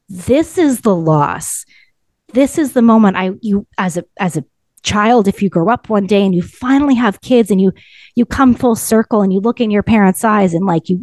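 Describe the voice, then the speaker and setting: A woman's voice: mid-range voice, darkish tone, dry recording. A woman, telling a personal story as a podcast co-host in an earnest, reflective way with many "like" fillers. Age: 30s.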